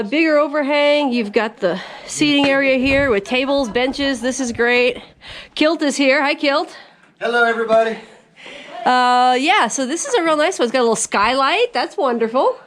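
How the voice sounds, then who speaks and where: A woman hiker talking to her camera on a mountain trail, chatty and giggly as she tells a story. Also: on the high side. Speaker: thru-hiker vlogger. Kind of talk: casual outdoor vlog narration.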